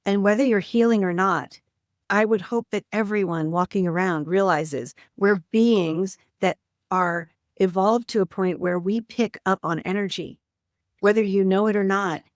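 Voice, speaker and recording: This podcast host has a mid-range voice and a measured pace, and the clean studio sound carries no room sound at all. During the interview she speaks with earnest sincerity and turns to address listeners directly.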